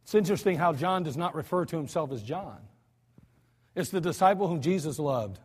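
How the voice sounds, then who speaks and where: An American male pastor preaching a storytelling sermon, swinging between soft asides and loud cries. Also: a little high, lively intonation, brisk, breathy edge. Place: church sanctuary. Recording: church hall reverb.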